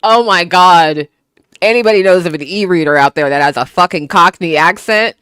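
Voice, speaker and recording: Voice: medium pitch, moderate pace, a bit bright, clean tone, no echo, studio quality. An author chatting casually to a livestream audience from a room at home, loose and profane, laughing often into a small microphone. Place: home room with window open. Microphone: small desktop microphone.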